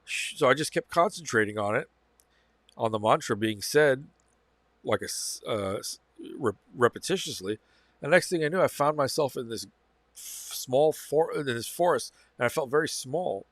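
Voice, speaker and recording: A man's voice: medium pitch, lively intonation, normal speed, fairly bright tone, dry recording. A man hosting his own channel, telling a personal story in a loose, casual way, repeating phrases and correcting himself as he goes. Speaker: channel host.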